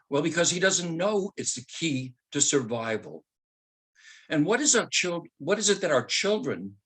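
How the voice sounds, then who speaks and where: Older male speaker, husky, fairly high pitch; a retired teacher spinning a joke into a lesson. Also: a bit bright. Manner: teacherly, joking, asks rhetorical questions. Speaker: speaker and author. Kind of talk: storytelling talk.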